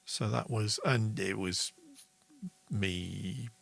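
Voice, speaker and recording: Extremely slow and creaky, yet fairly bright, the lowish voice belongs to a middle-aged man hosting an informal online songwriting lesson about meter. He stays chatty and enthusiastic throughout, voicing viewer comments and singing out rhythm syllables.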